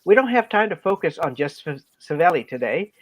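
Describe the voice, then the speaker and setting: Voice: medium pitch, very animated, brisk, low-quality recording. A podcast co-host reading prepared notes with playful asides.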